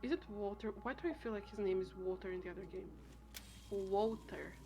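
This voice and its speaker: A woman's voice: medium pitch, a little fast. Rambling woman streamer chatting while playing. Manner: rambling, chatty, thinks aloud with many restarts. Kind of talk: casual gameplay chat. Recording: steady background noise.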